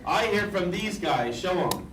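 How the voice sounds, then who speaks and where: A man's voice: high-pitched, animated, unhurried. A man telling wry, chatty stories to a live audience on a book tour. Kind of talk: storytelling talk to a live audience. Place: bookstore event room with an audience. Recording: echoey room, distant mic, loud crowd. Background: audience laughter and room noise.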